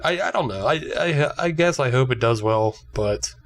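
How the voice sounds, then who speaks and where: A man's voice: medium pitch, expressive, moderate pace. Laughing, self-mocking male podcast co-host. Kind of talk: casual chat.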